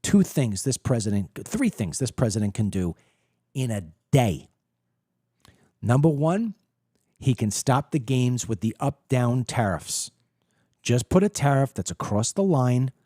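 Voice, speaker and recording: A middle-aged man holds forth in an emphatic political monologue, piling up rhetorical questions and repeating words as he builds each point. His voice is mellow and dark, and the recording is dry and close with no room sound. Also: medium pitch, sing-song, unhurried, no room sound. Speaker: political talk show host. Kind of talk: opinionated monologue to camera.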